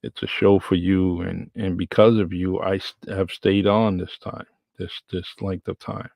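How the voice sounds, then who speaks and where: A man's voice: low-pitched, level tone, a little slow, gravelly, a little mellow, no echo. A man with a New England accent hosting his podcast in a casual, rambling solo chat, repeating himself as he goes. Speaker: podcast host.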